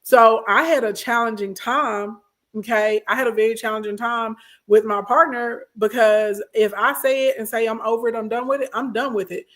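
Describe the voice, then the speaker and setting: A woman's voice: fairly high pitch, steady tone, normal speed. A woman hosting a casual advice stream, reading out viewer comments and answering them in an emphatic way that repeats points and keeps checking in. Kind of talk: casual advice talk, livestream.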